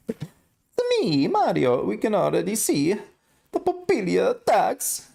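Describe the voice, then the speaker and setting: A man putting on an exaggerated Italian accent to voice an excitable male winemaker, in a high sing-song voice. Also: slow pace, vocal fry, full character voice. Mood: excited.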